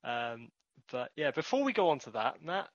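A man's voice: medium pitch, very animated, normal speed, no room sound, highs cut off. A man hosting a podcast in casual chat, teasing his co-hosts and laughing often. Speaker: podcast host.

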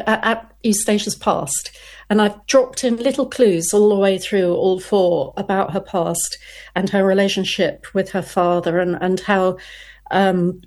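A woman's voice: medium pitch, darkish tone. A woman crime novelist talking casually in an interview, chatty, often restarting her sentences and laughing.

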